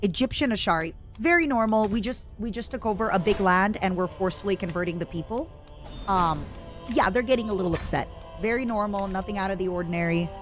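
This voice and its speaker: A woman's voice: medium pitch, quick pace. Chatty woman streamer with game music. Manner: chatty, self-mocking, bursts into excited shouts. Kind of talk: casual gameplay commentary.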